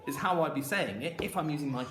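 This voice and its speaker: A man's voice: on the high side, fast talker, background noise. A man teaching a phonics lesson to young children, with a southern English accent and a playful, sing-song way of talking. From southern England. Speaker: primary school teacher. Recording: echoey room with faint ambience.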